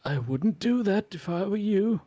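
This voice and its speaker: A man's voice: high voice, expressive, measured pace, dark tone, no echo, pitched above the performer's own voice. A man voicing a blunt, distrustful adventurer who speaks curtly. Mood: wary. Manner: curt, distrustful.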